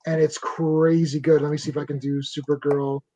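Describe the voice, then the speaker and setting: A man's voice: a little high, level tone, fairly quick, mellow. A man co-hosting a podcast, talking enthusiastically with frequent restarts. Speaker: podcast co-host. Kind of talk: casual chat.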